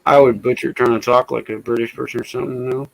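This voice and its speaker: A man's voice: mid-range voice, fairly even intonation, quick pace, gravelly, no echo, low-quality recording. A man from the American South with a Southern accent, chatting in a laid-back way and swearing often. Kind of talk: casual chat.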